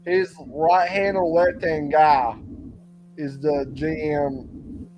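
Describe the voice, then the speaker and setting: A man calling into a sports chat show, speaking slowly and hesitantly with lots of ums while he searches for names. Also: a little high, steady tone, a little mellow. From Tennessee. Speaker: caller. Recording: dull lo-fi line with faint noise.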